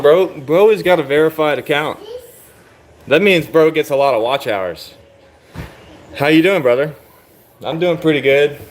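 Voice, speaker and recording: A man's voice: on the high side, a little hiss or hum. A tired man hosting a casual livestream, talking bluntly and rambling, with frequent swearing. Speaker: livestream host.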